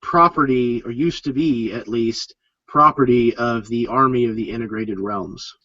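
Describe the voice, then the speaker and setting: A man narrating as game master of a tabletop game, explaining with many pauses and ums. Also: medium pitch, sharp tone, dry recording. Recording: dull lo-fi sound.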